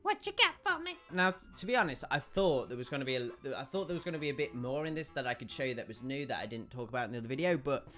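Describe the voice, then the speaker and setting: A man with a stuffy, croaky voice, rambling through gameplay commentary and restarting his sentences as he thinks aloud. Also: medium pitch, racing, few pauses, a bit bright, soft background music. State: congested and croaky. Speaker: gaming YouTuber.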